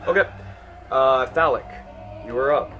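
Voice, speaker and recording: A man's voice: medium pitch, slow pace, highs cut off, soft background music. A man running a tabletop game as game master, easygoing and checking rules with the players.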